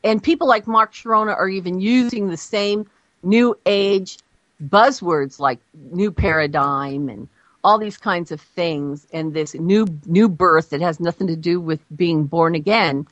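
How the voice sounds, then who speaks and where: A woman's voice: lowish voice, unhurried, dry recording. A female guest on a radio interview, a Christian journalist explaining her views in an earnest, explanatory way. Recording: dry, dull lo-fi audio.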